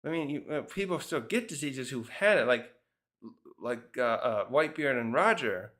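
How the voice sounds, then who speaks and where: A man's voice: mid-range voice, animated, normal speed, a bit bright. A man casually reviewing a manga chapter, thinking aloud with frequent restarts and fillers. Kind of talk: casual rambling commentary.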